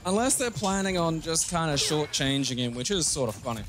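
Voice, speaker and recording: This gameplay channel co-host has a fairly high voice and speaks a little fast, cursing freely and spinning jokes as he commentates casually on a game. He sounds animated throughout, and game music runs in the background.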